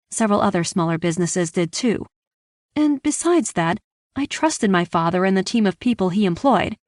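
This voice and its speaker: A woman's voice: medium pitch, no echo, clean studio sound. A woman reading a first-person romance audiobook, telling the story evenly and giving the dialogue some lift. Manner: even, engaged storytelling with lively dialogue. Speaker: audiobook narrator.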